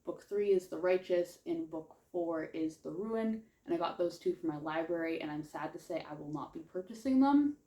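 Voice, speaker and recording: A woman with a lower voice and a slight lisp chats her way through a reading wrap-up, rambling with plenty of fillers. The sound is echoey, like a bare room at home. She talks in a casual vlog manner. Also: lively intonation, normal speed, hardly any pauses, dark tone. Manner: chatty, rambling, lots of likes and ums. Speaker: book vlogger.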